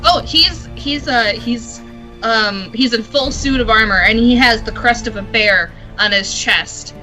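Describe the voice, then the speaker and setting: Bright-voiced woman, giggly hesitant storytelling. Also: a little high, unhurried, faint music behind, poor audio. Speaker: player in a tabletop game. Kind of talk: casual play-along chat.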